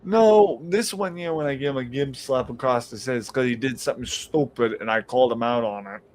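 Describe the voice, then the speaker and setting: Male podcast host, mid-pitched, chatty storyteller, profane and animated. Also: fast talker, slight background noise. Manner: animated, profane, acts out quoted voices. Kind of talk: casual storytelling on a live stream.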